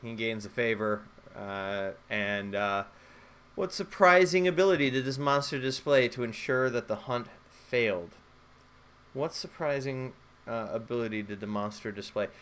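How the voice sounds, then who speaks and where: A man's voice: mid-range voice, normal speed, a bit bright. A man playing a solo tabletop role-playing game, rambling, joking and swearing as he goes. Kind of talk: casual solo play commentary.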